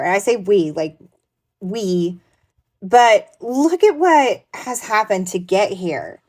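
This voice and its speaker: A woman's voice: medium pitch, lively intonation, slow, darkish tone, no room sound. A young woman, chatting casually with fillers and restarts in a true crime video update. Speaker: true crime content creator.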